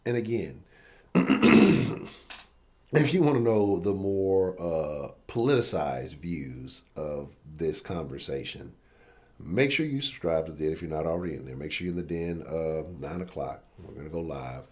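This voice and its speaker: A man's voice: a bass voice, expressive, moderate pace, a little mellow. A man hosting a live-stream sports talk show, ranting bluntly and profanely. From Houston area.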